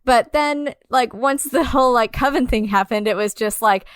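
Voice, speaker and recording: A woman's voice: a little high, normal speed, clear, resonant tone, dry recording, clean studio sound. A woman co-hosting a podcast, chatting casually about a film with lots of "like"s and easy laughs. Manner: filler-heavy, many "like"s, laughs easily. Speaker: podcast co-host.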